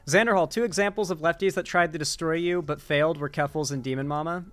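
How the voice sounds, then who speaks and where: A man's voice: fairly high pitch, a little fast, a bit bright, faint music behind. A young man hosting a live stream, chatting casually and sleepily with his chat and reading out donations as he wraps up. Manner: laid-back, rambling, thanks chat and reads donations aloud. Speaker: political commentary streamer.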